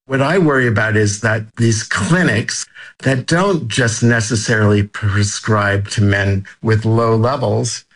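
A man's voice: on the low side, measured pace. A male physician giving interview answers in an earnest, explanatory way.

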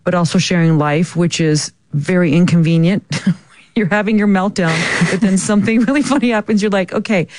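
A woman being interviewed about her work, telling stories in an animated way and laughing often. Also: on the low side, brisk. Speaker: guest actress. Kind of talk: casual interview chat.

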